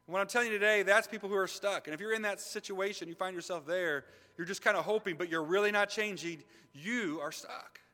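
A middle-aged male pastor preaching with animated force, rising to loud emphasis and dropping to hushed asides. His voice is bright and fairly high for a man. It rings out with the long reverb of a large hall. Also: fairly quick, hardly any pauses. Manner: asks the congregation questions. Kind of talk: sermon.

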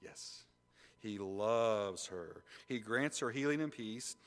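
Bright-voiced preacher man in a reverberant church. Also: on the low side, takes it slowly. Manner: animated and conversational, swinging between loud emphasis and quiet intensity. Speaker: pastor. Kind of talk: sermon. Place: church sanctuary.

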